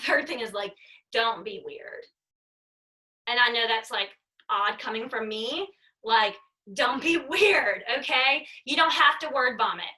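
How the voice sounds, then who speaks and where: Brief: woman team leader, high and bright, emphatic and chatty, mic a bit far off. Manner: emphatic, chatty, repeats herself. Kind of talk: motivational training talk.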